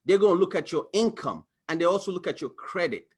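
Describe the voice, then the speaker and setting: A man with a high voice walks viewers through a money diagram shown on his screen. He talks in an animated way and slips into quick acted-out exchanges with a bank and a spouse. His tone is that of a coach pitching his advice. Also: slightly rough. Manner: animated, acts out little dialogues, exclaims. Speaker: financial coach. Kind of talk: screen-share explainer talk.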